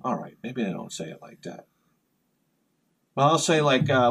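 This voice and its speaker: A man's voice: medium pitch, normal speed, breathy edge. A man hosting a casual vlog, rambling through a story and acting out both sides of conversations in sudden bursts. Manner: animated storyteller who acts out conversations in sharp bursts. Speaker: retro game channel host.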